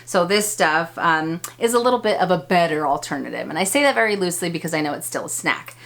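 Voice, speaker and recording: Woman beauty vlogger, 30s, chatty and upbeat, slightly low pitch. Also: animated, fast, a bit bright. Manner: chatty, enthusiastic, frequent fillers and laughs. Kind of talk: casual product review.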